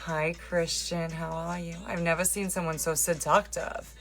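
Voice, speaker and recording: A woman's voice: lowish voice, level tone, moderate pace, few pauses, a bit bright, soft background music. A talkative woman hosts a livestream from her phone. She chats casually with viewers, teases them playfully and answers their comments as they arrive. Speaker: livestream host.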